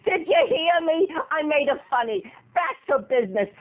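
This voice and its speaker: A pushy, chummy casting agent woman, put on by a man, talking in a high, breezy voice. She sounds brisk and flirty, and the audio is thin and phone-like. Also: very animated. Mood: bossy. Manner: pushy, chummy, calls people doll.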